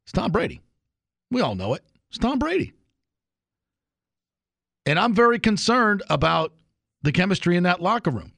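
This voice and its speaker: Casting: male sports radio host, somewhat high gravelly voice, fired-up and opinionated, dry close sound. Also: sing-song, fairly quick, a bit bright, no room sound. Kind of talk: sports talk radio monologue.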